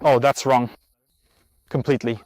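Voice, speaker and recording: A man's voice: mid-range voice, level tone, moderate pace, a little mellow, no room sound. A man hosting an outdoor riding lesson, out of breath and tired, chatting in an encouraging way. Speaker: riding instructor and host. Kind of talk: casual outdoor lesson vlog. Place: outdoors at a riding spot in the heat.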